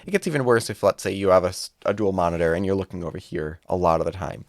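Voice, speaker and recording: A man's voice: low voice, fast, no echo, clean studio sound. A man casually explaining how to set up a virtual classroom, demonstrating as he talks. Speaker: music teacher. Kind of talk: online teaching tutorial. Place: home studio with green wall. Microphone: studio microphone.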